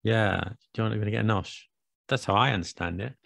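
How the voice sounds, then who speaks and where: A man's voice: fairly low pitch, quick pace, gravelly, fairly bright tone, no echo. A British man co-hosting a podcast in casual chat, playful and teasing, with self-mocking asides. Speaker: podcast co-host.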